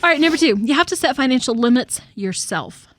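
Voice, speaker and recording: A woman's voice: high-pitched, expressive, quick pace, a bit bright, no echo. Chatty woman, laughing often. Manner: chatty, laughs often, repeats words when starting. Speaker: co-host and real estate agent. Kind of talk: casual podcast chat.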